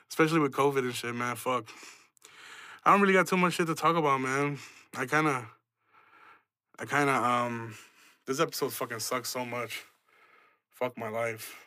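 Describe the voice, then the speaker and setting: A man's voice: mid-range voice, pushed and bright, dry recording, studio quality. A young man hosting a podcast, telling stories in a profane, self-mocking, casual way and laughing often. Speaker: podcast host. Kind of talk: casual storytelling.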